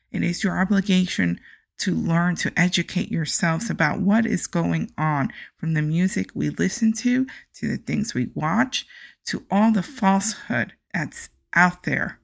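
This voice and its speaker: Woman podcast host, low gravelly voice, slow impassioned delivery. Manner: impassioned, reads scripture slowly and emphatically. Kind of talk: earnest faith podcast monologue.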